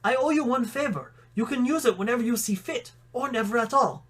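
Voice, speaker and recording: A man's voice: very high voice, brisk, a bit bright, voice pushed up. A man voicing a short-tempered female wind spirit in a storybook reading, with a put-on accent and a scolding, formal manner.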